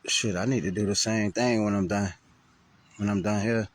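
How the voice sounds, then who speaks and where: Husky, profane man vlogging outdoors. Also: lowish voice, normal speed. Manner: profane, rambling and animated. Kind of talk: casual livestream storytelling. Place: outdoors, riding around a graveyard.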